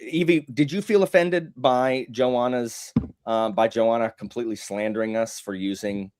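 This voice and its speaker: A man's voice: medium pitch, fairly even intonation, normal speed, a little mellow, clean tone. A man hosting a mock courtroom chat, teasing and playfully theatrical. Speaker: host.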